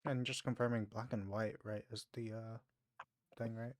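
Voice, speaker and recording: A man's voice: lowish voice, level tone, normal speed, no echo, clean studio sound. A young man playing in a tabletop game, casually asking short questions and double-checking details. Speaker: player.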